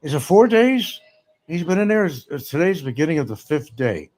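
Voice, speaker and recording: A man's voice: fairly high pitch, very animated, a little fast, darkish tone. A man hosting a casual livestream, rambling sarcastically and reading chat comments aloud. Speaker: livestream host.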